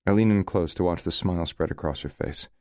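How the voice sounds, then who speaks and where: A man's voice: low-pitched, brisk, darkish tone, dry recording. A man narrating a first-person romance audiobook in a wry, conversational way, recorded close to the mic.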